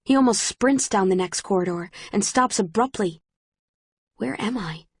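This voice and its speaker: A woman's voice: mid-range voice, slightly rough, no room sound. Woman narrating an audiobook, dry and close. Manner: measured, present-tense storytelling. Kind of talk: first-person scripted narration.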